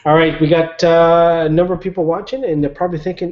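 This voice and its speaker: A man's voice: a little high, brisk, darkish tone. A man hosting a casual live online chat show from home, laid-back and jokey. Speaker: host. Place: home in Nova Scotia. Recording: lo-fi online call audio.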